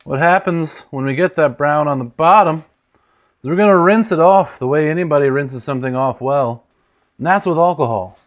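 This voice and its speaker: In a home kitchen, a man with a higher voice hosts a casual cooking demo at a normal speed, captured with lo-fi sound. He's chatty and joking, his loudness swinging as his voice sometimes wanders off the mic.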